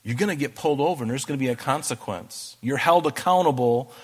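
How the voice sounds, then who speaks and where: A man's voice: medium pitch, quick pace, breathy edge. A man preaching a sermon, reading scripture aloud and breaking off into conversational asides. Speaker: pastor.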